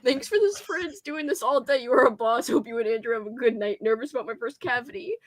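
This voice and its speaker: A woman's voice: fairly high pitch, animated, fast talker. Giggly woman laughing to tears. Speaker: host. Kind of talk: casual livestream chat.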